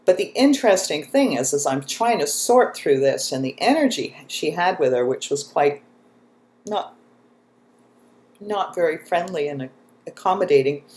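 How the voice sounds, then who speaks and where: Woman host, animated storyteller, laughs easily, recorded in a roomy space. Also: low voice, moderate pace, a little hiss or hum. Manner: animated, laughs often, tells stories. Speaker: host, spiritual channel. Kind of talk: casual chat, storytelling.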